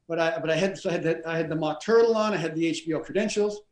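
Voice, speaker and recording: A middle-aged man, a stunt coordinator and actor, telling animated, rambling stories in a casual interview, often stammering and restarting. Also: a little high, rapid-fire. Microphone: video call. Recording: roomy echo.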